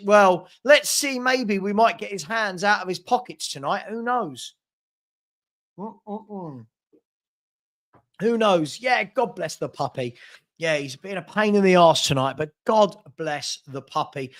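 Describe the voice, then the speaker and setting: Chatty high-voiced football streamer. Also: male voice, fairly bright tone. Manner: chatty, reads out viewer comments, scolds a puppy. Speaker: football watchalong host. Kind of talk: casual live-stream chat. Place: home room.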